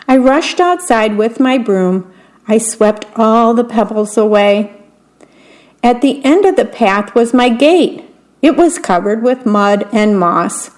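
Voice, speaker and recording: A woman volunteer broadcaster reading a children's bedtime story aloud, gently and unhurriedly, describing the pictures as she goes. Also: a little high.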